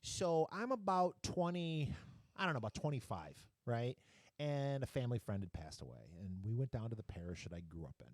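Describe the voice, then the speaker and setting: Male podcast co-host, jokey and sardonic, very animated delivery, dry sound. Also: medium pitch, a little fast, dry recording. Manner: sarcastic, jokey, swings between loud and hushed. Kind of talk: casual storytelling chat.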